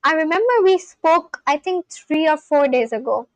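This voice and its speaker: High-voiced chatty woman streamer. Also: lively intonation, normal speed, dry recording, rough recording. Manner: chatty, reads out and answers chat, laughs often. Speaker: live-stream host. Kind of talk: casual live-stream chat.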